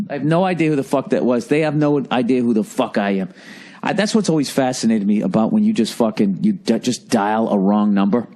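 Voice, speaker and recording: A man's voice: medium pitch, a little fast, mellow, a little hiss or hum. A middle-aged man with a Boston accent rants alone into the mic on his podcast. His delivery is sarcastic and full of swearing, and he rambles from tangent to tangent in an ordinary mid-range voice. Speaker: podcast host. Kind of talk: solo comedic podcast rant.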